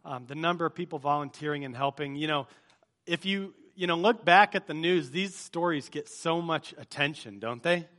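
A high-pitched man with a bright, forceful voice opens a sermon for a live congregation. He talks in a chatty, joking way and quizzes the crowd with energy. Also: moderate pace. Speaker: pastor. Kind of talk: sermon opening with a movie-quote game. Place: church service before a live congregation.

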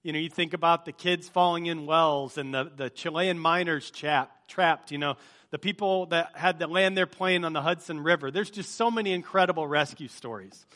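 A man's voice: on the high side, normal speed, bright, forceful tone. A man leading a church congregation in a sermon opening, chatty and joking as he quizzes the crowd. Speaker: pastor. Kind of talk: sermon opening with a movie-quote game. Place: church service before a live congregation.

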